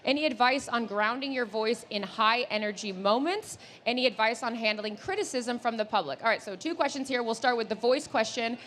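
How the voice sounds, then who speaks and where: Chatty, fast-talking woman podcast co-host. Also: expressive, fairly bright tone. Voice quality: deeper voice. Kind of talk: live podcast Q&A. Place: live event stage.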